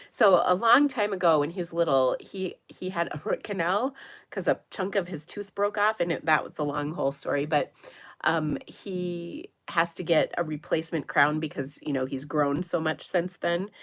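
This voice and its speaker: A middle-aged woman hosting a papercraft livestream, chatting casually and rambling with many fillers, her voice congested and nasal from a cold. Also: sits low. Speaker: papercraft channel host.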